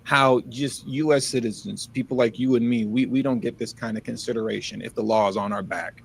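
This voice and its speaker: A man's voice: mid-range voice, steady tone, a little fast, creaky, fairly bright tone, breathy edge. A man hosting a casual livestream commentary, talking in an emphatic, pleading, repetitive way. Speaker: livestream host.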